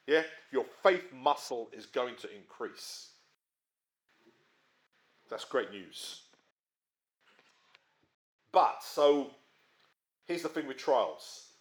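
A man preaching a sermon in a conversational way, often checking in with his listeners and swinging between emphatic rises and quiet drops. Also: medium pitch, expressive, extremely slow, long pauses. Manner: conversational, frequent tag questions.

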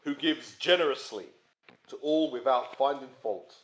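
A man preaching a sermon in a conversational way, often checking in with his listeners and swinging between emphatic rises and quiet drops. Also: medium pitch, measured pace. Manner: conversational, frequent tag questions.

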